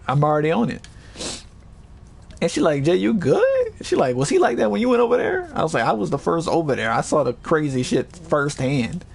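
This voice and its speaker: A man casually telling a story to his chat, animated and swearing, acting out other people's voices with high yells. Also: slight background noise.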